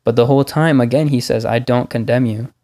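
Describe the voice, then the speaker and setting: A man's voice: mid-range voice, brisk. Laid-back man talking faith. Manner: relaxed, many fillers like "like". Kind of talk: casual faith conversation.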